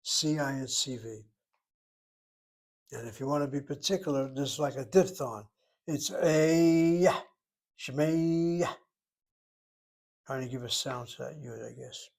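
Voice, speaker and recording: A man's voice: medium pitch, fairly even intonation, moderate pace, gravelly, slightly rough. A man teaching a Hebrew lesson, explaining grammar step by step and thinking aloud as he goes. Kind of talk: informal language lesson.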